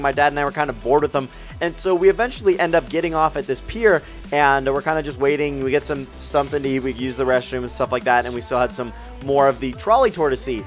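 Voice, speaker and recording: A young man from Oregon telling a casual, excitable storytime with lots of swearing and filler words. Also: fairly high pitch. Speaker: storytime YouTuber. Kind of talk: casual storytime over gameplay.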